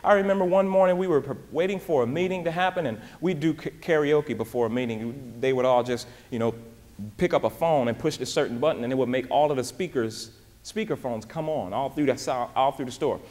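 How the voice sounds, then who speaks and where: A man giving a live motivational talk in an animated, folksy way, often dropping in casual asides to the crowd. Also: mid-range voice, fairly quick, big-room sound. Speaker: motivational speaker and singer.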